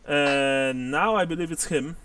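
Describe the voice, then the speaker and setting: A man's voice: a little high, a little slow, far from the mic, a crowd in the background. A man narrating and explaining rules as game master of a tabletop game, laughing often.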